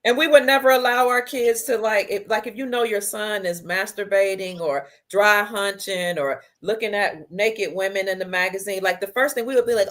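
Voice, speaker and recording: A woman's voice: mid-range voice, moderate pace, few pauses, a bit bright. Blunt woman host asking follow-ups. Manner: blunt, asks probing follow-up questions. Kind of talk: casual chat.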